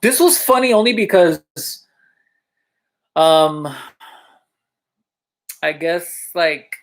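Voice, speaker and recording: A man with a high-pitched, gravelly voice edged with vocal fry chats to the camera about his time as a teacher in a casual storytelling vlog. Animated and drawing out his words, he keeps asking viewers questions, checks in with them, fills pauses with fillers and little asides, and often breaks into laughter.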